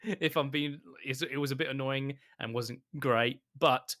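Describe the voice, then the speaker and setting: Bright-voiced man, eager podcast chat. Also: medium pitch, fairly even intonation. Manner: enthusiastic, laughs often, halting. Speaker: podcast co-host. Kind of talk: casual chat.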